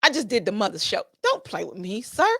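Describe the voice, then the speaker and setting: A woman hosting a casual solo podcast, talking straight to her listeners. Her delivery is sassy and emphatic, full of sharp rhetorical questions. Her voice sits at an ordinary pitch for a woman, and the sound is dry and close with no room echo. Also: huge pitch swings, fairly quick, husky. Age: adult with children. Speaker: podcast host.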